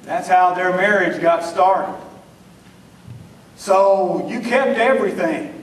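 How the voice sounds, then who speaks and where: A man with a notably high voice and a rural Southern US accent spins folksy, drawling stories and jokes for a crowd. He was recorded from a distance in an echoey hall. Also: takes it slowly. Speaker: speaker. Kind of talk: humorous speech to an audience. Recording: echoey room, mic from far off.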